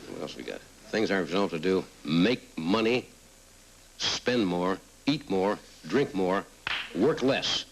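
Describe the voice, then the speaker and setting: A man's voice: deep voice, animated, slow, creaky, noisy background. A middle-aged man hosting a late-night talk show, reading audience cards aloud and teasing them with wry quips. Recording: old TV broadcast with loud audience. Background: studio audience laughing.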